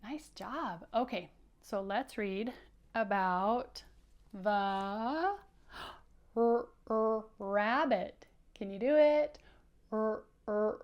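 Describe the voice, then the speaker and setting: A woman teaching young children, reading aloud with an encouraging, animated manner. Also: mid-range voice. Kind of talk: children's read-aloud lesson.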